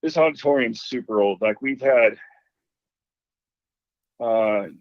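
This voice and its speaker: A man's voice: medium pitch, takes it slowly, no echo. Guy calling in w/ a spooky story, acts out the voices, muffled phone line. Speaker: caller. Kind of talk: telling a ghost story on a call-in show.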